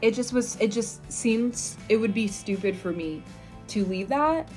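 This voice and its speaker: A woman's voice: a little high, lively intonation, unhurried, a little mellow, soft background music. A woman in her twenties chatting at home, telling her story to viewers in a casual, talkative way. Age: 20s. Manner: chatty, addresses viewers as y'all. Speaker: vlogger.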